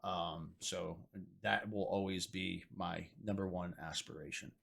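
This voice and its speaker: A man's voice: sits low, fairly even intonation, measured pace, gravelly, fairly bright tone. A man chatting as a podcast guest, talking in an earnest, heartfelt way with the odd swear word. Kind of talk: casual podcast chat.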